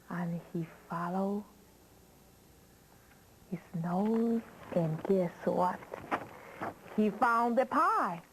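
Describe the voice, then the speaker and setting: Reading a children's story, this woman speaks at a medium pitch with a slightly mellow tone, drawing out words and asking the listener questions as she goes. The recording is low quality, with a bit of background noise.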